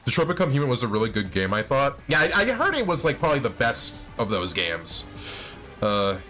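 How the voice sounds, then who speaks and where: A young man chats over his game stream, rambling and swearing, breaking into laughs. His voice is bright and swings up and down with excitement. Faint game music sits under him. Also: mid-range voice, fairly quick. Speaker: let's play streamer. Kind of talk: casual gameplay commentary.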